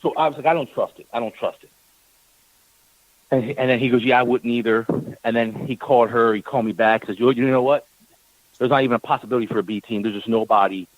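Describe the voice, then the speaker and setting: Brief: male talk-radio guest, lively storyteller, middle pitch, dry close mic. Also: fast talker, dry recording, muffled recording. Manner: animated storyteller, acts out quoted exchanges; repeats words when worked up. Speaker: team owner guest.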